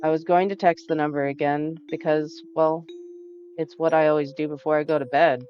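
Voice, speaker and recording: Low-voiced woman narrating a story game. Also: flat delivery, fairly quick, highs cut off. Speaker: let's play narrator. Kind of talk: reading a story game aloud.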